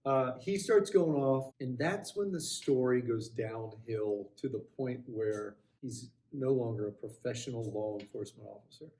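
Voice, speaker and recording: Brief: middle-aged man, casual anecdote, animated, voices each side of the talk. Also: mid-range voice, moderate pace, hardly any pauses, far from the mic. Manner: animated, acts out both sides of the conversation. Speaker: storyteller on a student news show. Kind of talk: casual anecdote told to camera.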